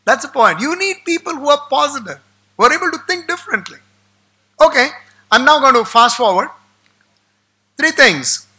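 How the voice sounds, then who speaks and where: A man's voice: very high-pitched, sing-song, normal speed, long pauses, pushed and bright. A man giving a motivational talk to students, telling stories and repeating key points for emphasis. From India. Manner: storytelling, emphatic repetition. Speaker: guest speaker to management students.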